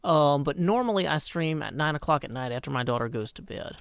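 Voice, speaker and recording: Chatty man with a gravelly voice. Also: a little high, lively intonation, a little fast. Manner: chatty, wry, reads chat aloud, mutters to himself. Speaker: livestream host. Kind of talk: casual live-stream chat while gaming.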